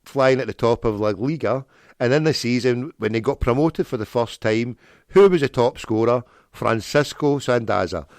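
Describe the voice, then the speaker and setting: A man's voice: mid-range voice, no room sound. Guy rambling on his prank call show, goes off on tangents, dry close sound. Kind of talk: rambling solo talk with prank calls.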